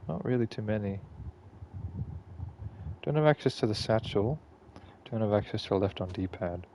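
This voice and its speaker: A man's voice: lowish voice, expressive, moderate pace, warm tone, a little hiss or hum. A man giving casual gameplay commentary, laid-back and swearing freely while he mutters to himself. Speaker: gaming channel host.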